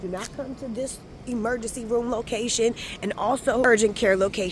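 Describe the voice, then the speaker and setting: A woman travel vlogger films herself on a phone in a hospital emergency waiting room, venting furiously and cursing in an angry rant. She talks a little fast, with hardly any pauses, in a slightly high voice of steady tone, and there's a little hiss or hum.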